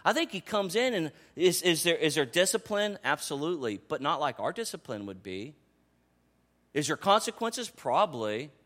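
A man in his thirties preaching a sermon in a conversational, animated way, dropping to soft asides and rising to excited calls. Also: fairly high pitch, normal speed. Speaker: pastor.

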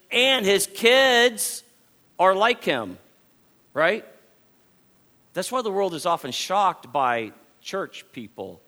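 Male preacher, high and bright tone, animated sermon delivery with restarts. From Texas.

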